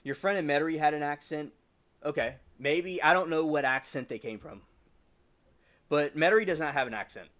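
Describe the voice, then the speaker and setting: Rambling Louisiana man, mildly Southern, slightly high. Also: brisk, fairly bright tone. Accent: mild New Orleans-area Southern. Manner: rambling, many restarts and fillers. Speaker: livestream host. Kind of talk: casual chat answering live comments.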